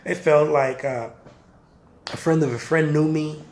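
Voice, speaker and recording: A man's voice: a little high, steady tone, a little slow, a little mellow, reverberant, slight background noise. A man, an artist, giving career advice in a casual talk to camera at home, emphatic and repetitive, calling his viewers guys. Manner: emphatic, repeats points, addresses viewers as guys. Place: home, near a backyard.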